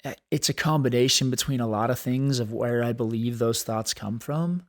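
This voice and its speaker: A man hosting a solo podcast, talking in an earnest, thoughtful way and slowing down to stress key points. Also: medium pitch. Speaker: podcast host. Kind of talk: reflective solo podcast talk.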